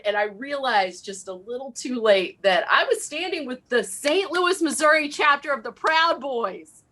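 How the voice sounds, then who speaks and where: A woman's voice: sits high, animated, normal speed, sharp tone. Brash profane woman doing stand-up. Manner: brash, profane, punchy storytelling. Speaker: stand-up comic. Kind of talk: stand-up set.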